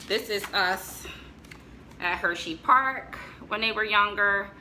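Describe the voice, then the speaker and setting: Chatty woman with a bright voice. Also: medium pitch, unhurried, a little hiss or hum, rough recording. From United States. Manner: chatty, joking asides to viewers, laughs often. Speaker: vlogger showing family photos. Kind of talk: casual chat to viewers.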